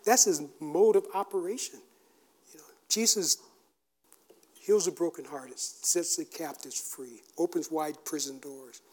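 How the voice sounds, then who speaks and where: A man preaching a sermon in a casual, conversational way, acting out quotes and breaking into shouts. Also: fairly high pitch, unhurried. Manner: animated, shouts out acted quotes; casual, conversational with fillers and restarts. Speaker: pastor.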